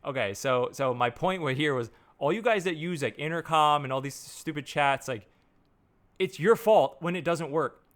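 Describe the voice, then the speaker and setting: A man's voice: fairly high pitch, moderate pace. A man in marketing ranting casually to camera, rambling and restarting his sentences with a lot of swearing. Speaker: marketer reviewing software. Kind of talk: casual unscripted rant to camera.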